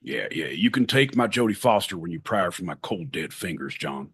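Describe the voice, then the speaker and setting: A man putting on a Southern US accent, playing a gruff gun-loving man with a low drawl. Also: animated, brisk, a bit bright, exaggerated voice. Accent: Southern US, put on.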